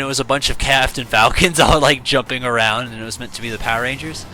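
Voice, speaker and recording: A man's voice: mid-range voice, fairly even intonation, fast talker, pushed and bright, a little hiss or hum. A man casually telling rambling stories with lots of fillers while playing a video game. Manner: rambling, storytelling, many fillers. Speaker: gaming YouTuber. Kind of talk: casual let's-play commentary.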